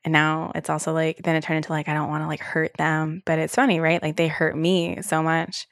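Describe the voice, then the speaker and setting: A woman's voice: low-pitched, little pitch movement, brisk, creaky, dry recording, studio quality. A young woman hosting a podcast alone, talking casually and candidly, full of "like" fillers and the odd swear word. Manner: loose, candid, filler-heavy talk with frequent "like" and swearing. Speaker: podcast host. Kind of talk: casual solo podcast chat.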